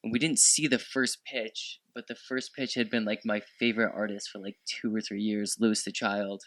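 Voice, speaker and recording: A young man, a podcast guest, telling excitable stories in casual chat with lots of swearing. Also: lowish voice, moderate pace, no echo. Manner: excitable, profane storytelling.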